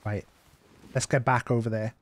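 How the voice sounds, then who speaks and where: A man's voice: medium pitch, little pitch movement, normal speed, a little hiss or hum. A man streaming a survival game, chatting loosely and repeating himself as he plays. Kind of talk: live gameplay commentary.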